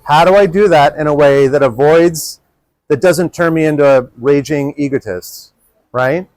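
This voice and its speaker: A man giving a live workshop talk to a group. He speaks animatedly and acts out his inner child in a higher voice. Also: normal speed, a little mellow, no echo, poor audio.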